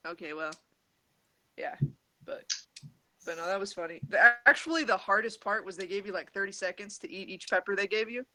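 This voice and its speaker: Talking casually with his group over a video call, a man with a high-pitched, pushed, bright voice wanders through a story, speaking a little fast but pausing often. He keeps restarting and saying "like." His computer mic gives a low-quality recording that glitches robotically at times.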